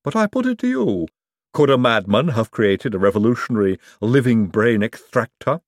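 A man reading a story aloud, voicing a solemn, matter-of-fact servant who speaks in a measured way. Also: medium pitch, very animated, no room sound, studio quality. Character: solemn servant with odd folk sayings.

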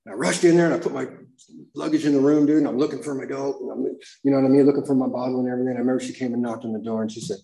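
A man telling his own recovery story at a meeting, slangy and animated, acting out the voices he quotes. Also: medium pitch, very fast, vocal fry, echoey room, poor audio.

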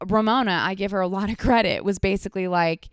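A woman's voice: mid-range voice, fast, smooth. A woman guesting on a podcast, telling stories casually and animatedly with lots of "like" fillers. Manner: animated storytelling, many "like" fillers. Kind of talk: casual chat.

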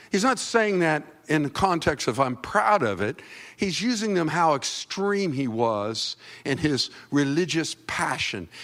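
A male pastor preaches in a conversational way, teasing his congregation before acting out quotations in sudden, loud, high-pitched bursts.

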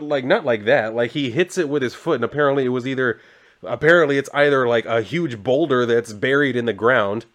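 A man casually recapping a comic issue, rambling and sarcastic, with frequent swearing and flatly read character lines. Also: medium pitch. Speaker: comic book reviewer.

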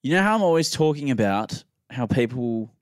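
A man's voice: mid-range voice, normal speed, dry recording. Male podcast co-host, casual storyteller, dry close sound. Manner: rambling storyteller, animated quotes. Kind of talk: casual chat.

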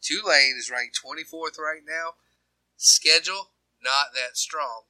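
A man's voice: fairly high pitch, unhurried, bright, forceful tone, no room sound, rough recording. A man with a Carolina accent co-hosting a casual sports podcast, confidently rattling off predictions. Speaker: podcast co-host.

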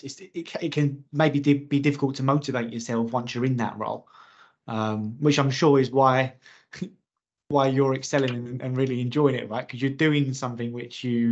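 A man's voice: mid-range voice, fairly even intonation, moderate pace. A man hosting a casual interview, affirming his guest and often restarting his words. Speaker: podcast host. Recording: slightly dull lo-fi sound.

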